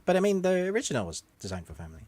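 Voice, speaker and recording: A man's voice: high voice, wildly swooping pitch, rapid-fire, a little mellow, no echo. A man co-hosting a movie podcast in casual chat, wry and teasing, laughing often. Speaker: podcast co-host.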